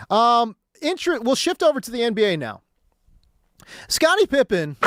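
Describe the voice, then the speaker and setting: A man's voice: sits high, no echo, studio quality. A man hosting a sports talk radio stream, slangy and incredulous.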